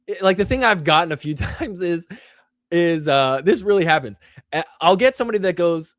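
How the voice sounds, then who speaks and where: Young guy rambling on his show, kinda high voice, lots of ums. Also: animated, a little fast, fairly bright tone, no room sound, clean studio sound. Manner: rambling, self-deprecating, many fillers; acts out quoted fans in a higher voice. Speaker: show host. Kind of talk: casual solo chat.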